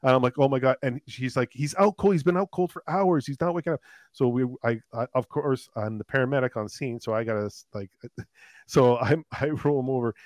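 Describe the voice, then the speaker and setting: A man, a paramedic, telling a long call story in a casual, animated way, with many fillers. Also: mid-range voice, dry recording. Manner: animated, laughing anecdotes with filler words. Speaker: paramedic guest.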